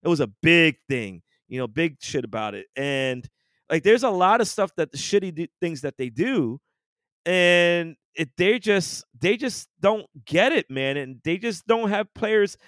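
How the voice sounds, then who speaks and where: A man's voice: a little high, lively intonation, measured pace, a bit bright, no echo, studio quality. A man co-hosting a podcast, ranting in casual, profane sports chat. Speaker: podcast co-host.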